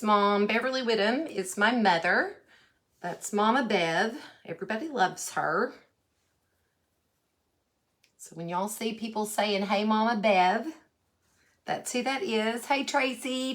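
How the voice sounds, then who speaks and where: A woman with a Texas accent hosting a casual craft livestream, chatty and folksy, warmly greeting viewers by name as she works. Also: on the high side. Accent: Texan.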